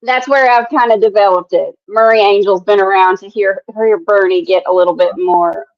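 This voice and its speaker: A woman's voice: medium pitch, fairly even intonation, moderate pace, dry recording. Woman co-host, South Dakota, gushing and upbeat; lo-fi, dead-dry audio. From South Dakota, USA. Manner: effusive, gushing praise. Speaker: podcast co-host. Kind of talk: casual podcast chat. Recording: dull lo-fi dry sound.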